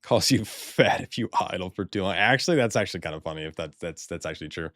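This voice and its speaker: Low-voiced guy streaming a game, laughs a lot, trips over his words, dry close sound. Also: fast talker, no room sound. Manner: excitable, swears, laughs often, stammers when surprised. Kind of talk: casual game stream chat.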